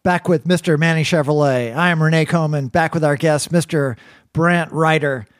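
A man co-hosts a podcast with dry, deadpan quips. His voice is slightly high for a man and sounds dry and close, with no room around it. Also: normal speed, dry recording. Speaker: podcast co-host. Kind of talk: casual chat.

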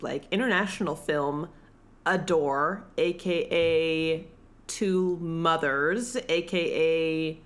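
A woman's voice: low-pitched, fairly even intonation, slow pace. A woman co-hosting a podcast in casual chat, teasing and crude, with frequent giggles. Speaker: podcast co-host.

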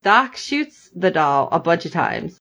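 A woman's voice: on the low side, slow pace, vocal fry, dull audio. A woman in casual chat, animatedly recapping a TV episode and acting out the characters' lines. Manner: animated storyteller, acting out both sides of the scene. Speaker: podcast co-host recapping a TV episode.

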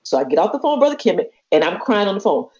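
This woman, a podcast co-host, has a medium-pitched voice and a quick pace. She casually recounts a personal story with animation, acting out the voices of its characters, and the lo-fi audio is slightly muffled.

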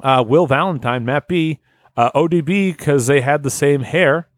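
A man's voice: a little high, moderate pace, dry recording. A man hosting a casual podcast, reading listener lists aloud, joking and laughing often. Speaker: podcast host.

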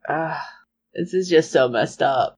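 A woman co-hosting a podcast, reacting to a series with lively, acted-out quotes of characters. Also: low-pitched, unhurried, a little hiss or hum. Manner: animated, acts out characters' reactions. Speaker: podcast co-host recapping a series. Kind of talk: casual chat.

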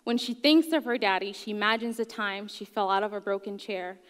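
A woman's voice: medium pitch, fairly quick, smooth. A woman in her thirties from Gabon giving a candid, joking talk about her life, with many ums. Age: 30s. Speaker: guest speaker. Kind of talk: personal story talk. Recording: long hall reverb.

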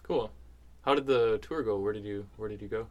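A man's voice: lowish voice, brisk, dull audio. Casual male radio host, filler-heavy. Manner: relaxed, hesitant with many fillers.

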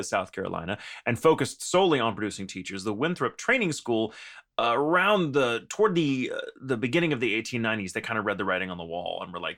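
A man's voice: mid-range voice, expressive, fast, fairly bright tone. A man from Texas speaking in an affected mid-Atlantic accent, co-hosting a podcast in casual, theatrical chat and laughing often. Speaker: podcast co-host.

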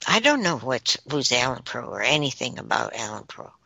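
A woman's voice: rumbling low, sing-song, brisk, vocal fry, pushed and bright, dry recording. A woman on a talk podcast, relaying messages she says she is receiving, in a casual chatty way. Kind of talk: casual channeling chat.

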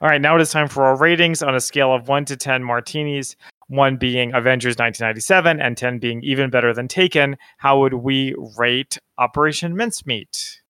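A man co-hosting a podcast, reviewing a film in a relaxed, matter-of-fact casual chat. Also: medium pitch, brisk, smooth, dry recording, studio quality. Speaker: podcast co-host.

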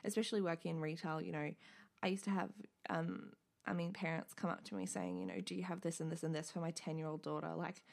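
A woman's voice: sits low, lively intonation, quick pace, vocal fry. A young woman co-hosting a casual chat podcast, chatty and swearing freely as she retells stories. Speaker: podcast co-host.

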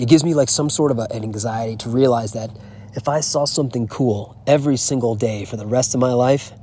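A man's voice: medium pitch, mellow, husky. A man talking in a casual, rambling and profane vlog monologue, recorded outdoors on a horse farm. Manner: rambling, profane, candid storytelling. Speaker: travel vlogger.

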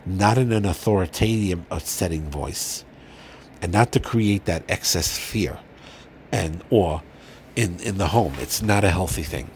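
Deep-voiced man, earnest and gentle lecturer, faint hiss under the recording. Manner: earnest, gentle, often pauses with fillers and restarts. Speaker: Torah teacher giving a marriage talk. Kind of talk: informal religious lecture.

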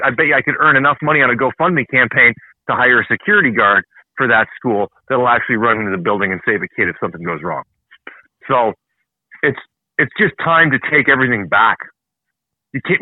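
A man from Canada hosting a heated political talk show, ranting fast and swearing often. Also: medium pitch, no room sound. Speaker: show host. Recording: dry, phone-like narrow sound.

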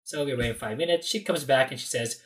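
A man in casual chat, telling an animated story full of fillers and acted-out quotes. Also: medium pitch, a little fast, distant mic.

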